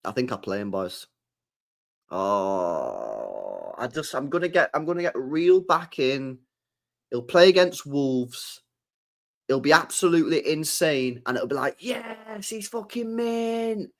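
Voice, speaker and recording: Guy streaming, cursing a lot, gets loud then quiet, mid pitch. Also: unhurried, vocal fry. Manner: excitable, swears a lot, swings loud and quiet. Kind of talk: casual live-stream chat.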